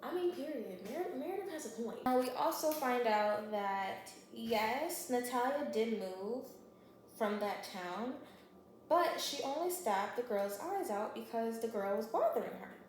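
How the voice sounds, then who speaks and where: A woman with a somewhat high voice recaps a book in a chatty, slangy, animated way, like a vlogger talking to her viewers. The room around her rings with strong echo, and a clear layer of background noise sits under her voice. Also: a little slow. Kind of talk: casual book recap while baking. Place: home kitchen.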